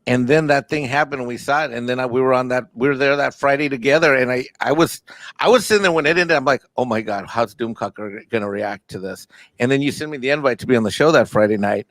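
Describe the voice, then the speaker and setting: Male panelist, quick delivery, dry close mic, storyteller who quotes himself. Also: medium pitch, a bit bright, dry recording. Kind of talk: casual panel chat.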